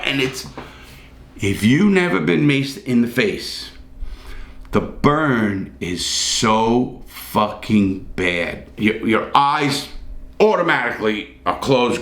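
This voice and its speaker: A man's voice: lowish voice, a bit bright, echoey room. An older man, an ex-prisoner, telling his story straight to camera in a blunt, intense way and swearing constantly.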